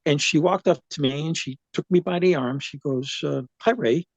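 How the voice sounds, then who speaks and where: A man's voice: on the high side, moderate pace, gravelly, dry recording, highs cut off. A man in his seventies, a guest in an interview, telling a personal story in a rambling way, full of restarts and fillers.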